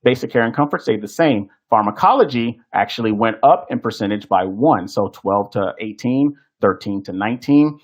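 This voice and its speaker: A man's voice: fairly low pitch, lively intonation, normal speed, hardly any pauses. A man teaching nursing exam prep in a casual, chatty presentation, full of fillers and restarts.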